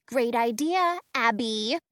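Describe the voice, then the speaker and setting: A woman's voice: on the high side, expressive, takes it slowly, a bit bright, no echo, studio quality. Woman voicing a spirited young girl.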